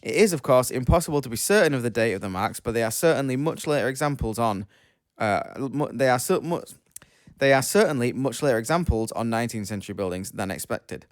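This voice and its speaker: A man's voice: medium pitch, lively intonation, fast talker, dry recording. A man co-hosting a spooky news podcast, reading stories aloud in a dry, matter-of-fact way with small stumbles. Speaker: podcast co-host. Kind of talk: casual chat and news reading.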